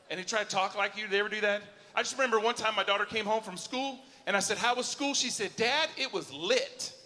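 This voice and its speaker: Stand-up guy in his forties, high bright voice, lots of hall echo, chatty and self-mocking. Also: slight background noise. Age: 40s. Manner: chatty, self-mocking, keeps asking the crowd "you know what I'm saying?". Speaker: stand-up comedian. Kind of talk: stand-up comedy set. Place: large auditorium at a live show. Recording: hall reverb from a live venue.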